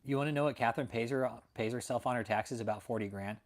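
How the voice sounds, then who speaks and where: Talking fast in a mid-range voice, a young adult channel host launches into a brash, profane, casual rant as he tells his viewers a story.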